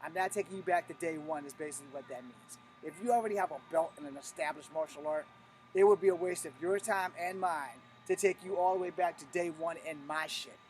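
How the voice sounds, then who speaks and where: A man's voice: a little high, brisk, darkish tone, slight background noise. A middle-aged man, a martial arts instructor, giving a blunt, profane, emphatic teaching talk on a live stream.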